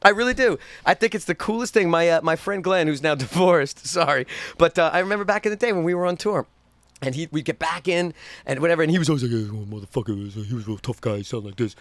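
A man's voice: fairly high pitch, fast talker, fairly bright tone, no room sound. A man in casual crude banter, swearing freely, laughing and acting out voices in his stories.

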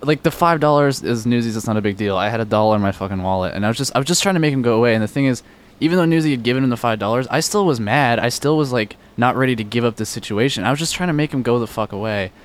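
Fast-talking young man telling a story. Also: medium pitch, animated. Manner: rambling, filler-heavy, swears a lot. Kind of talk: casual storytelling chat.

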